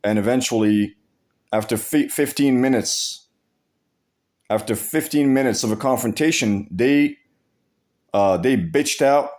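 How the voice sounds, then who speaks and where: This time the man's voice sits mid-range with a darkish tone. Vlogging casually to camera, he tells a blunt story laced with swearing, repeating and restarting his phrases.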